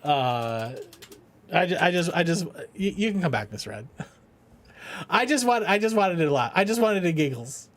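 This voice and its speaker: A man's voice: on the high side, big pitch swings, moderate pace, fairly bright tone. A middle-aged man streaming a game for charity, chatting casually, joking, swearing and often laughing. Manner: rambling, jokey, swears freely, laughs often. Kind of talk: casual live-stream chat.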